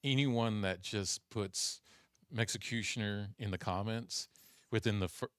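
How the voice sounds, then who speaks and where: Low-voiced joking male co-host. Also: unhurried, clear, resonant tone, no echo, clean studio sound. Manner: deadpan jokey, playful boasts. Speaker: poker stream co-host. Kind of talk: casual joking banter.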